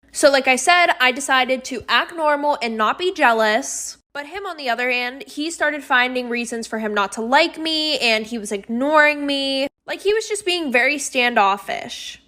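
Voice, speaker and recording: High-voiced young woman telling a storytime. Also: animated, moderate pace, hardly any pauses, pushed and bright. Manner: chatty, dramatic storytelling with sarcastic asides. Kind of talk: storytime narration.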